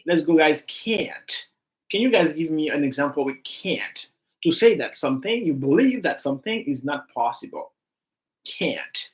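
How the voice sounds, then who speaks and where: A man teaches an online English grammar class, animated and repetitive as he coaxes students to offer examples. His voice is a little high and he speaks at a measured pace.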